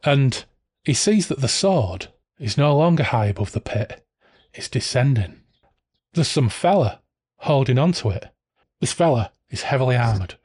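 A man hosting a casual book discussion podcast, animated and jokey, swearing freely. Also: medium pitch, slightly rough. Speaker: podcast host.

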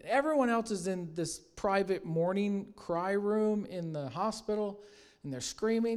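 Man, preacher, sermon, lively storytelling, quiet reverent asides, slightly raised pitch. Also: a little slow. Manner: animated storytelling, drops to soft tones at reverent moments. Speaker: pastor.

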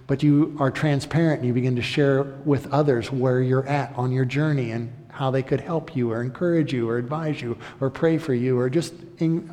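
A male pastor preaching a sermon with passion, building to loud, emphatic peaks. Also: mid-range voice, slight background noise. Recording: echoey hall.

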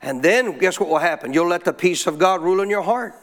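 A man's voice: high voice, lively intonation, fairly quick. A middle-aged male pastor, preaching a sermon in an emphatic call-and-response style.

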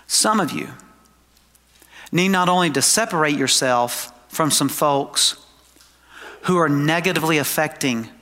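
Male pastor, slightly high and bright, emphatic sermon delivery with casual asides; church hall with a long echo. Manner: emphatic preaching, slows for quoted scripture; conversational asides to the congregation. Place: church sanctuary.

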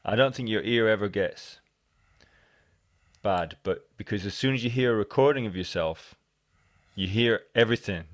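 A man's voice: on the low side, normal speed, long pauses, no room sound. A man hosting a podcast, talking casually in rambling, self-correcting sentences, often quoting himself. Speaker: podcast host. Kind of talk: casual conversation.

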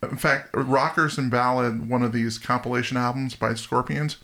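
A middle-aged man co-hosting a music podcast, chatty and reminiscing, quick to laugh. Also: medium pitch, steady tone, fairly bright tone. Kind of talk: casual music chat.

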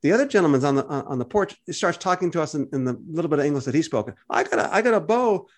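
A man telling a personal story in casual conversation, animated and jumping his pitch up high when he quotes people. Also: rapid-fire. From United States. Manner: animated storyteller, acts out quoted voices with big pitch jumps. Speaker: podcast co-host.

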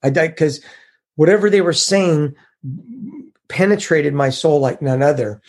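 Speaking a little slowly in a somewhat high voice, a middle-aged man in a recovery group gives personal testimony. His telling is heartfelt and confessional, and he acts out what others said to him with animated voices.

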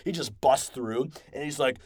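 A man hosting a podcast, excitedly recapping and reviewing an episode in a rambling, casual way with many restarts. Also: mid-range voice, normal speed, no echo, studio quality. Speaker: podcast host.

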